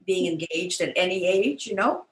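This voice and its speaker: A woman's voice: fairly low pitch, lively intonation, normal speed, echoey room, a little hiss or hum, rough recording. An older woman telling a heartfelt personal story as an interview guest, earnest and chatty, over a video call. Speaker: guest, business founder. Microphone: online event, video call.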